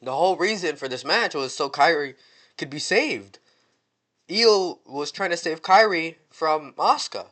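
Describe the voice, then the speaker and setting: Excitable man ranting on a vlog. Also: fairly high pitch, measured pace. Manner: excitable, slangy, rambling with restarts. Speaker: wrestling fan vlogger. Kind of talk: casual prediction rant.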